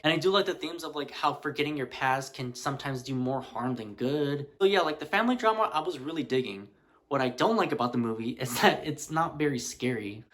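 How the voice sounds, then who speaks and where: A man's voice: mid-range voice, a bit bright. A man casually reviewing horror films in a chatty, loose vlog style full of "like" fillers. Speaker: movie reviewer.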